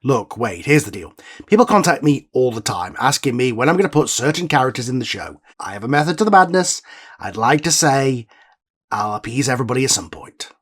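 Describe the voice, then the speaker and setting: A man's voice: mid-range voice, very animated, fairly quick, a bit bright, slightly rough. A man playing himself as the show's writer in a scripted comedy sketch, weary, exasperated and matter-of-fact. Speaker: writer and creator of the show.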